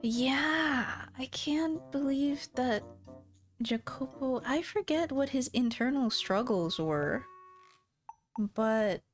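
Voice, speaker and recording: A woman's voice: sits high, animated, soft background music. A young woman streaming a visual novel, chatting casually in a bubbly, giggly way. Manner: bubbly, giggly, drawn-out playful exclamations. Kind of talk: casual chat while playing a visual novel.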